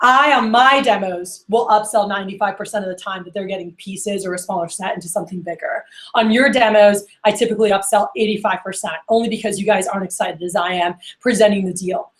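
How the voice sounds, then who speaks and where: A woman's voice: mid-range voice, brisk. A woman sales manager telling stories at a workshop, acting out the phone calls she quotes. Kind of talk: workshop storytelling.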